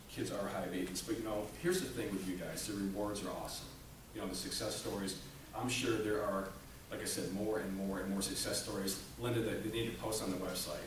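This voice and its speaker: A man giving a comedic motivational talk to a staff audience, joking and conversational, asking the room rhetorical questions. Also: lowish voice. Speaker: motivational speaker. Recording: very echoey room, mic far off, background noise. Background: audience laughter.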